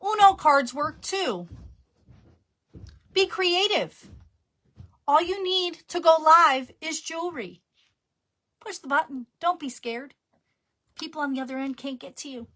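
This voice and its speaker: A woman with a New Jersey accent talks casually on a live stream, chatty and quick to laugh at herself. Her voice sits high and sounds bright. She comes across as a friendly seller sharing tips. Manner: chatty, laughing, self-deprecating. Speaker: jewelry business guest speaker.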